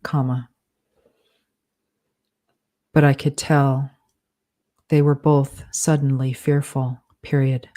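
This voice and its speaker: A woman reads her own fiction into a dictation app, naming each comma, period and undo as she goes. Her voice sits very low and dark, and she keeps it flat and unhurried, pausing between short phrases. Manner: slow, deliberate phrasing, saying punctuation and edit commands. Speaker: author dictating a novel. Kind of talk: dictating prose aloud with spoken punctuation.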